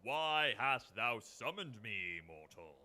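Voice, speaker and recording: A man's voice: mid-range voice, very animated, takes it slowly, bright, forceful tone, pitched above the performer's own voice, full character voice. A man voicing an evil male demon in a grand, archaic, theatrical manner. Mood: menacing. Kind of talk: voice acting takes for a game.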